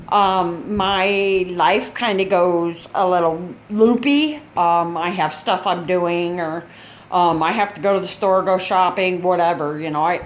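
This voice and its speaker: A woman's voice: lowish voice, slight background noise. An older woman chatting casually in a video update, rambling and blunt and laughing at her own stories. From Chicago. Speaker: gaming channel host.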